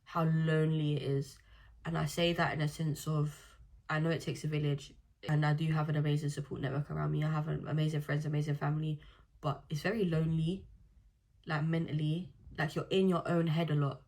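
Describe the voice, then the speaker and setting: A woman's voice: low voice, little pitch movement, brisk, darkish tone. A young woman answering viewer questions in a candid, chatty vlog full of blunt slang. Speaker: vlogger. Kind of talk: casual Q&A vlog.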